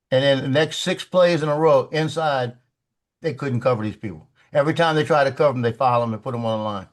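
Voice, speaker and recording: A man's voice: mid-range voice, brisk. A man telling a basketball story on a video call, acting out the quoted lines. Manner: animated, acts out quoted lines. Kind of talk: casual storytelling.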